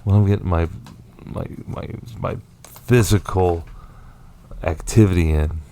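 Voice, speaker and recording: A man co-hosting a casual comedy podcast, tossing in teasing jokes and quick comebacks. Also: deep voice, creaky, mellow, slight background noise. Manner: teasing, quick jokey interjections. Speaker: podcast co-host.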